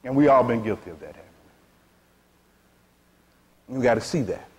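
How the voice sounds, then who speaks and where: A man's voice: mid-range voice, lively intonation, normal speed, darkish tone. A man teaching a sermon to a seated audience, speaking frankly in vernacular phrasing and repeatedly asking "you see?". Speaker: spiritual teacher.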